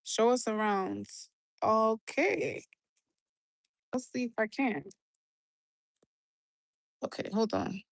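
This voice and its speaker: Young woman on a phone live, talks slow, kinda high voice, dry close sound. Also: sing-song, dry recording. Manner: chatty, reading out viewer comments. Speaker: livestream host. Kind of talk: casual live-stream chat. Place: outdoors at night in the city. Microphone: phone held in hand.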